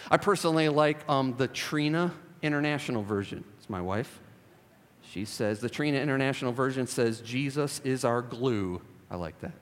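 A man preaching a sermon as pastor, emphatic and repetitive, swinging between loud urgent passages and quiet reflective ones. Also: mid-range voice, fairly quick. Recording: long reverb of a large hall.

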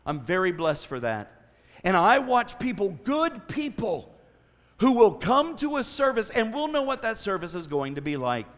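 Male traveling preacher, storytelling sermon, very lively pitch, echoing sanctuary. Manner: animated storytelling with asides and voiced quotes. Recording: long hall reverb.

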